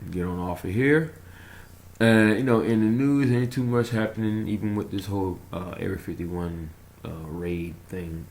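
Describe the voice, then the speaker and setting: A man rambling through a casual vlog monologue, telling a story in an animated way, chuckling and trailing off while he searches for words. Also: deep voice. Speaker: conspiracy vlogger.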